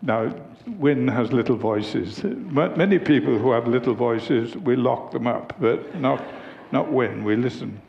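Man, pastor, sermon, storytelling, hesitant fillers, gravelly voice, muffled lo-fi sound. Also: mid-range voice, animated. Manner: unhurried, anecdotal, with frequent hesitations. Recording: dull lo-fi recording with faint background noise.

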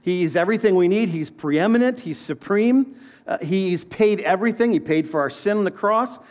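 A man in his fifties delivers a sermon with a notably high voice. He keeps it conversational, telling family stories and asking his listeners questions as he goes. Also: lively intonation, moderate pace, darkish tone. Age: 50s. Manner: conversational preaching with personal stories and questions to the congregation. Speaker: pastor.

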